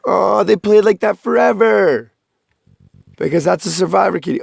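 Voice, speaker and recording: Gravelly, profane, rambling young man. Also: high-pitched, moderate pace, dry recording, clean studio sound. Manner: rambling, profane, darkly joking. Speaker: vlogger. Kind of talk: casual confessional monologue. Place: rural home at night, partly outdoors.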